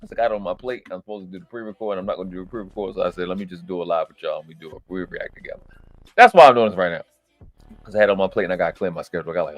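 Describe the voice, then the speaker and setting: A man hosting a live reaction stream, ranting in a profane, exasperated, slang-heavy way, swinging from loud outbursts to low mutters.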